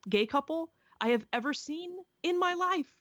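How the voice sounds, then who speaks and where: A woman's voice: high voice, animated, normal speed, a bit bright, no echo. A woman in casual chat, speaking earnestly and with firm opinions.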